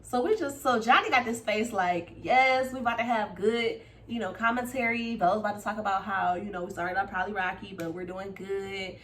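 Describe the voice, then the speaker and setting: A woman with recapping a reality show in casual chat, animated and gossipy, jumping between loud exclamations and quiet asides. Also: mid-range voice, a little fast, hardly any pauses, slight background noise.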